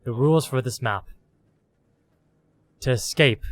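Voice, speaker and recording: A man at an ordinary middle pitch narrates as game master of a tabletop game. He tells the scene in long, breathless run-on sentences, stacking one "as" clause on the next. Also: normal speed, a bit bright, dry recording. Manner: run-on storytelling, strings clauses with "as".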